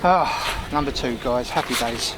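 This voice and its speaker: Man, mid-pitch, out of breath, chatty outdoor vlogger, camera mic with clear background noise. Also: unhurried. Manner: chatty, keeps addressing viewers as guys. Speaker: fishing vlogger. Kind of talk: casual outdoor vlog talk to camera. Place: lakeside bank outdoors.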